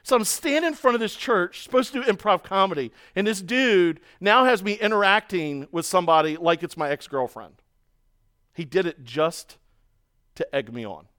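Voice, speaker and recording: A man preaching a sermon, telling stories in a lively way and acting out the voices of other people. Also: high-pitched, normal speed, smooth. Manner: storytelling, animated, mimics voices in quotes. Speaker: pastor.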